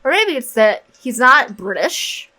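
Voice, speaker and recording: A woman's voice: high-pitched, big pitch swings, measured pace, bright, forceful tone, slight background noise, low-quality recording. A woman reading a story game aloud and chatting between lines, giggling and joking at her own asides. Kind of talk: casual let's-play commentary.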